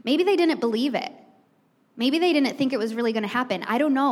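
A woman's voice: high-pitched, lively intonation, fairly quick. A woman preaching a sermon, retelling the story in a chatty way and speaking straight to the congregation. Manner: chatty storytelling, addresses the crowd directly. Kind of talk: conversational sermon. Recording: long reverb from a hall.

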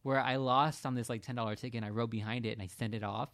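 A woman's voice: a bass voice, fairly even intonation, quick pace. A woman host chatting casually, telling gossipy stories and laughing often. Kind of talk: casual chat.

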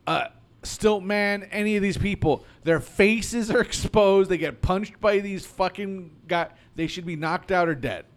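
A man whose voice sits a bit higher than most. He rambles and rants on a casual podcast, leaning on "like" and mild profanity, and sounds loose and unscripted. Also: a little slow. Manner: rambling and ranty, profane, many likes. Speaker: podcast co-host. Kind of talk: casual movie chat.

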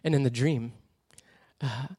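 A man preaching a sermon as a personal story, animated and laughing often as he tells it. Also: mid-range voice, a little slow, husky, no room sound, clean studio sound.

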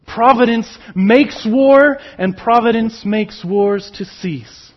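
A man preaching a sermon, slow and emphatic, with sudden drops to a near whisper on key words. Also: extremely high pitch, dull audio. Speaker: pastor.

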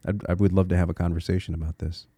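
A man's voice: deep voice, little pitch movement, rapid-fire, dark tone, breathy edge, dry recording, clean studio sound. A man from Connecticut hosting a solo podcast, talking in an earnest, reflective and encouraging way, with small restarts as he thinks aloud. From Connecticut, USA. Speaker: podcast host.

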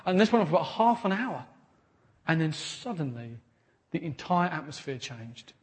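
A man preaching a sermon, earnest and animated, often repeating words as he builds to a point. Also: a little high, moderate pace. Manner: animated storytelling with acted quotes. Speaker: pastor.

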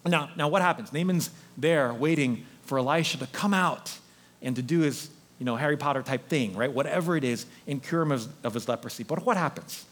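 A man preaching a sermon as pastor in an animated, conversational storytelling way. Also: on the high side, a little fast.

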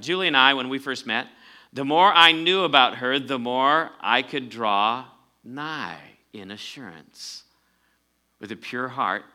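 Male pastor, bright and forceful tone, casual sermon delivery with emphatic swells. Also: mid-range voice. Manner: conversational preaching, rising to emphatic peaks.

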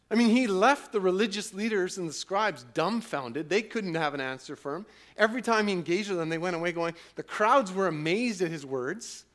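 A man preaching a sermon, moving from loud, emphatic passages to quiet, reflective ones, sometimes acting out a listener's doubts. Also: high voice, expressive. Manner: acts out listeners' doubts in a casual, halting voice. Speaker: pastor.

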